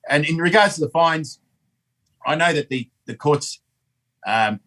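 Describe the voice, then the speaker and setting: Aussie bloke rambling thru a story, swears a lot, bright kinda high voice. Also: male voice, a little slow, rough recording. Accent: Australian. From Australia. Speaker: podcast guest. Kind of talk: casual storytelling.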